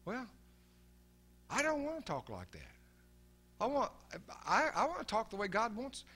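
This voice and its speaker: An older man delivers a sermon in a fairly high voice for a man. He talks earnestly and circles back on his own words. When he quotes others, his voice drops to a quiet murmur. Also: huge pitch swings, unhurried, slightly rough. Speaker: preacher.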